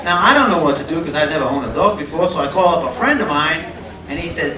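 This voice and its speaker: Loud high-voiced stand-up comic. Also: male voice, expressive, brisk. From Providence, Rhode Island. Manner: loud, punchy, working the crowd. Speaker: stand-up comedian. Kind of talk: stand-up comedy set. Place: comedy club stage. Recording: echoey club from a far camera, loud crowd.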